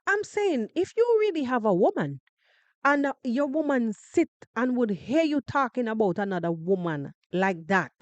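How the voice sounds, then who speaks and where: A Jamaican woman hosting a casual live show, talking in an animated, emphatic way and circling back on her own phrases. Her voice sits a little high and the sound is dry and close, with hardly any room around it. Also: no echo. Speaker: podcast host.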